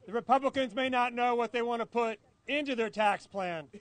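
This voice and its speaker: A man's voice: very high-pitched, a little fast. A man giving a fiery rally speech outdoors, leading call-and-response chants. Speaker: advocacy group speaker.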